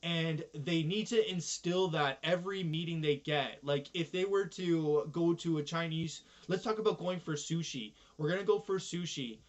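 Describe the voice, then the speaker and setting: A man's voice: fairly high pitch, normal speed, few pauses. A man from Canada ranting in a casual, profane monologue about his family. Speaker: influencer. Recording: dull lo-fi recording.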